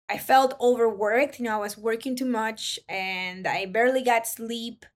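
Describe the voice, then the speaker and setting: A young woman from Ecuador talks as a podcast guest in a relaxed, reflective way. Her voice sits a bit high, and her speech is loose and full of casual fillers. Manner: reflective, many fillers like "you know" and "like". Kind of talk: casual interview talk.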